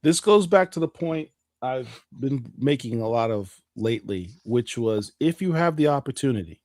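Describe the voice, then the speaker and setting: A man in his forties hosting a casual podcast chat about comics news, talking in an animated, playful and emphatic way. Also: mid-range voice, moderate pace, no echo, clean studio sound. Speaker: podcast host.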